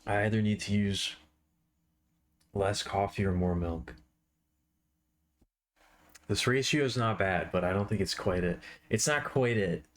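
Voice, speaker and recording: A man's voice: lowish voice, a little slow, long pauses. A man streaming live while he draws, chatting casually and playfully with viewers. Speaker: art streamer.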